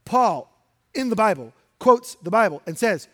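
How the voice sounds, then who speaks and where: With a high voice, lively intonation and normal speed, the male pastor preaches forcefully and plainly, quizzing the congregation; the hall adds a long reverb.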